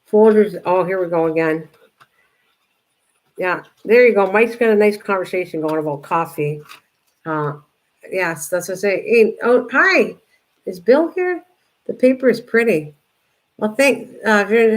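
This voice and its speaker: An older woman hosting a live crafting stream, greeting viewers by name and muttering quietly to herself as she works. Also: lowish voice, measured pace, long pauses. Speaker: craft livestream host.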